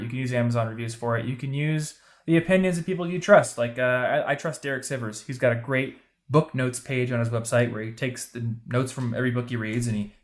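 Guy co-hosting a podcast, punchy and emphatic, mid pitch, chatty asides. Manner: emphatic, punchy advice-giving with quick asides. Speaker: podcast co-host. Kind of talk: casual podcast chat.

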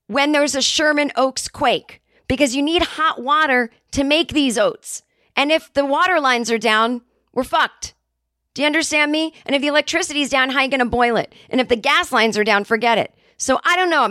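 A woman's voice: high voice, moderate pace, sharp tone, no room sound, clean studio sound. A woman hosting a comedy podcast, rambling and self-interrupting through a sarcastic solo monologue. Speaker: podcast host.

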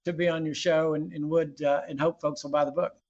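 Guy guesting on a talk show, earnest, keeps restarting, higherish voice, lo-fi sound. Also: little pitch movement, fairly quick, darkish tone. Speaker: guest, former governor. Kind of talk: interview. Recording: dull lo-fi line.

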